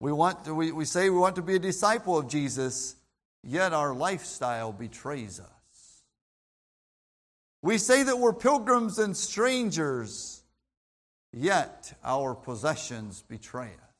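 A man preaching a sermon with a high-pitched voice. He speaks emphatically and repeats himself, often restarting phrases as he drives each point home. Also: very animated, slow. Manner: emphatic, repetitive, with frequent restarts.

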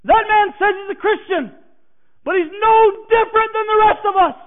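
Bitter mocking young dude, as a preacher acts him out, high voice, sounds like it's over a phone. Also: male voice, expressive, normal speed, narrow, tinny audio. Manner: mocking, defiant. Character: scornful bitter young man, former friend.

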